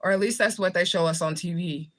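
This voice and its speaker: On the low side and steady in tone, her slightly bright voice moves a little fast. This US spiritual reader hosts a livestream, chatting casually and responding to viewer comments with blunt, profanity-heavy humor and frequent laughter.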